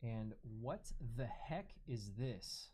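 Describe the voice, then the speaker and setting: Excited woman exclaiming over rare cards. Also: very deep voice, slow pace, breathy edge. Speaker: card break host. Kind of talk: live card break commentary.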